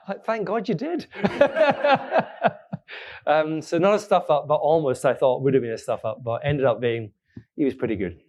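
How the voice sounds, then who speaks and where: A man's voice: a little high, animated, a little slow, darkish tone. Chatty man answering questions. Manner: chatty, laughs often, self-deprecating. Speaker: podcast host being interviewed. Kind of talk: live event Q&A answers. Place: live event venue with audience.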